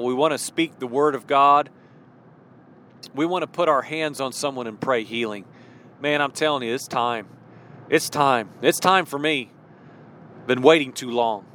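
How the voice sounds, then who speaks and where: A man's voice: medium pitch, fairly bright tone, slight background noise. A man hosting a podcast and preaching in a fervent, rambling way, repeating phrases for emphasis. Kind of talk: impassioned podcast sermon.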